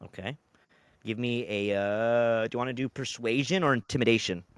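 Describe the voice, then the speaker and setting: A man's voice: mid-range voice, brisk, no room sound. A man narrating a live tabletop game as game master, swearing and laughing as he tells the story.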